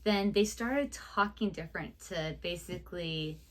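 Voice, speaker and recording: A woman's voice: lowish voice, measured pace. A woman co-hosting a reaction video, chatting casually and trailing off with fillers as she goes. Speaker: reaction channel co-host.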